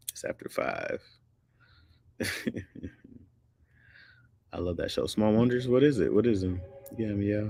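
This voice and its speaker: A man's voice: fairly low pitch, animated, measured pace, creaky, pauses often, mellow, dry recording. A man in his thirties chatting casually and jokingly, laughing often and acting out quotes. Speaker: streamer talking to chat. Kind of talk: casual chat.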